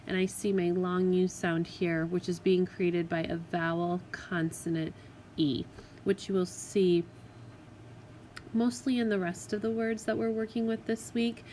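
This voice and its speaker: A woman teacher giving a recorded spelling lesson to children, patient and clear, sounding out words syllable by syllable. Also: mid-range voice, a little mellow, a little hiss or hum, poor audio. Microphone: tablet microphone.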